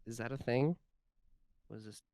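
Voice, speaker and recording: A man's voice: mid-range voice, normal speed, a little mellow, clear, resonant tone, dry recording. A man playing a tabletop game, hesitant and thinking aloud, self-deprecating. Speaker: player. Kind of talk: casual tabletop play.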